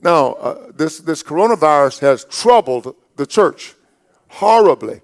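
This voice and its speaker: Male pastor, fairly high voice, emphatic repeated lines, calls out to the church. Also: expressive, slow pace. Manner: emphatic preaching with repetitions and direct calls to the congregation. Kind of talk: sermon.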